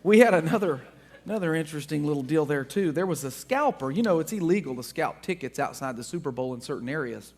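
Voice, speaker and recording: A man from Texas, a guest speaker, telling funny anecdotes to an audience in an animated way. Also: on the high side, fast talker. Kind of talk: storytelling talk to an audience.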